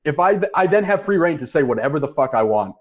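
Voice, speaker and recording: A man's voice: a little high, big pitch swings, fast talker. A man co-hosting a casual sports podcast, blunt and dry, with crude jokes. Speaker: podcast co-host.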